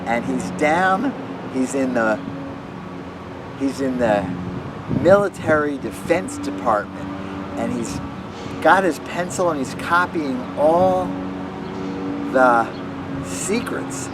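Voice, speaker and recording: A man running a casual magic tutorial, rambling and animated, often restarting his sentences. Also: medium pitch, slow, pauses often. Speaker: magician demonstrating tricks. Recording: distant mic with clear background noise.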